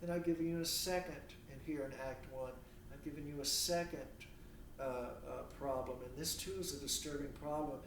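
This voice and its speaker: A man's voice: on the high side, steady tone, a little fast, noisy background. A man giving a lecture who asks rhetorical questions and acts out imagined dialogue. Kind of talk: recorded university lecture. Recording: echoey room, mic at a distance.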